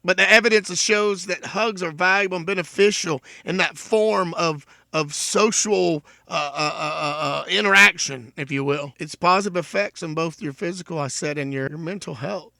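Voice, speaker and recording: A man's voice: high voice, pushed and bright, no room sound, clean studio sound. A man hosting his own show, talking earnestly to his listeners in a heartfelt solo monologue, often repeating himself. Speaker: podcast host.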